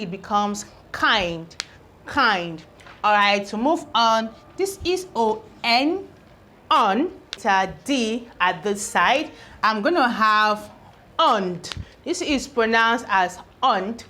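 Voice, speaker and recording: Slow, patient woman English teacher. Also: on the high side, bright, forceful tone, a little hiss or hum. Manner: repeats each word several times, ends points with "okay?". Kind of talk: spelling and phonics lesson.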